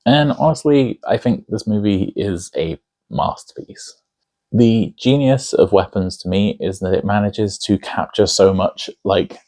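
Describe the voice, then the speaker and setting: A man's voice: low-pitched, dark tone. A man hosting a casual film review video, talking in a chatty, enthusiastic way with lots of asides. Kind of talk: casual opinionated film commentary.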